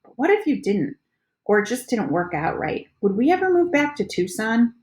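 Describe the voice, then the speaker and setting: A woman's voice: a little high, sing-song, moderate pace, darkish tone, echoey room, pitched above the performer's own voice. A woman voicing a homesick, stubborn young boy, speaking eagerly in a raised voice.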